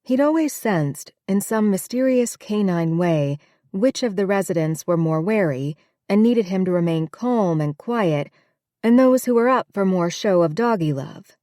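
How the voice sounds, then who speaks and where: A woman narrating an audiobook with a steady, even reading. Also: mid-range voice, a little slow, no echo, studio quality. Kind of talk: scripted narration.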